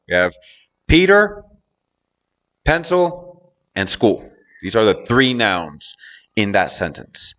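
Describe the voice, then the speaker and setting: A man teaching English pronunciation, explaining with drawn-out words and exaggerated stress on key words. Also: lowish voice, fairly bright tone. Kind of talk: slow, deliberate lesson explanation.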